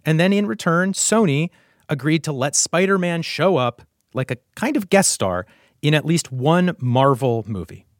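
A man's voice: on the high side, expressive, normal speed, no echo, studio quality. A man hosting a podcast, narrating in a conversational way and acting out quotes with animation. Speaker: host.

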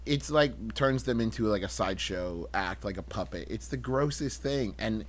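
A man's voice: on the low side, expressive, normal speed. An American man co-hosting a comedy podcast, ranting with sarcastic asides. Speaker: podcast co-host. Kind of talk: casual comedic banter.

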